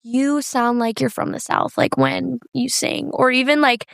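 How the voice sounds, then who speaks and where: High, gravelly young woman from Wisconsin. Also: little pitch movement, measured pace, no room sound, studio quality. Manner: upbeat, filler-heavy, says "like" often. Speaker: guest, country singer-songwriter. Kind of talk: casual interview chat.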